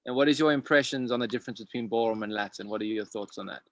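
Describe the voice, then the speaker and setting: A man hosting a casual interview over a video call, putting quick rapid-fire questions to his guest. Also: mid-range voice, fairly bright tone. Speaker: interview host.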